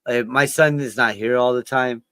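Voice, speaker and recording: A man's voice: mid-range voice, fairly even intonation, moderate pace, sharp tone, clean tone, dry recording. A middle-aged man co-hosting a podcast, chatting casually and teasing with lots of laughter over a home video-call mic. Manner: joking, laughs a lot, teasing. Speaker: podcast co-host. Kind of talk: casual chat over a watch-along.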